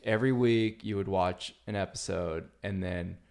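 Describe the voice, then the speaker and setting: Low, gravelly male podcast host; relaxed, rambling delivery with lots of fillers. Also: moderate pace. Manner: laid-back, rambling with many fillers. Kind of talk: casual chat.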